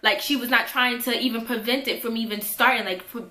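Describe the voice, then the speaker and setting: A young woman tells a story from her school days in a bright, forceful voice that sits a little high. She tells it casually and dramatically and acts out every voice in it. The room around her sounds echoey. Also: a little fast. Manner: animated, dramatic retelling with quoted voices.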